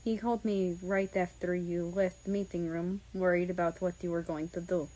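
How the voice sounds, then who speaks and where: A woman reading aloud, voicing a gentle, protective young man who hushes and reassures his partner in a soft voice. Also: lowish voice, level tone, normal speed, lightly acted, low-quality recording. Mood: soothing. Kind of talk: fan fiction audiobook reading.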